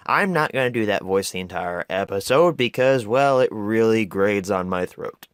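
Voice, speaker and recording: A man's voice: lowish voice, expressive, normal speed, few pauses, smooth. A man hosting his own review videos, talking in a casual, upbeat way and rambling with fillers as he walks through a product. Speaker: host of a video review series.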